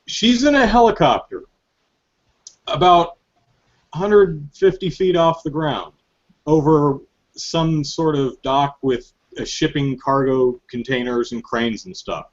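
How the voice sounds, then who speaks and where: A male podcast host with a fairly high voice, retelling things in an animated, joking way. The audio is dull and lo-fi. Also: slow pace. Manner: animated, joking storytelling with frequent laughs. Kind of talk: casual chat.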